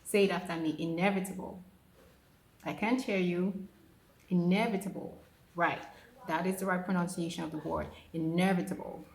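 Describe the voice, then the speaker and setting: A woman teaching pronunciation in a casual video lesson, lively and coaxing, drilling each word by repetition. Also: fairly low pitch, fairly quick, creaky. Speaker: pronunciation tutor. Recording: roomy echo.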